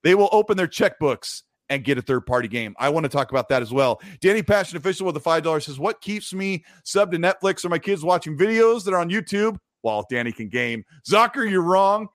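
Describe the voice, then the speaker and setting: A man's voice: on the high side, a little fast, few pauses, no room sound, studio quality. A man hosting a casual gaming livestream, reading viewer messages aloud and laughing between stories. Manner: laughing, animated storytelling.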